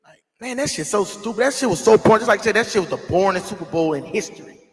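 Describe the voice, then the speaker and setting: A man's voice: high voice, lively intonation, racing. A man hosting a casual livestream, ranting in a rambling, slangy, profane way. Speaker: livestream host. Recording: echoey room with long reverb.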